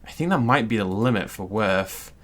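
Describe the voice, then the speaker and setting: A man hosting a gaming channel, giving chatty, excitable let's-play commentary and laughing often. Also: fairly low pitch, normal speed.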